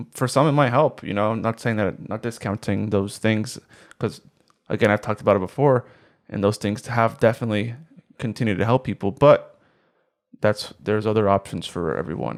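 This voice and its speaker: Young man, podcast co-host, fairly low voice, earnest, restarts his sentences a lot. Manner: earnest, rambling, many restarts. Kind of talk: casual podcast chat.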